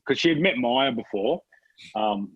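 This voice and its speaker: A man in his thirties with an Australian accent, telling stories in a relaxed podcast chat, swearing freely and laughing often. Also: mid-range voice, measured pace, husky, no echo, muffled recording. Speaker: podcast guest. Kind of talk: casual chat.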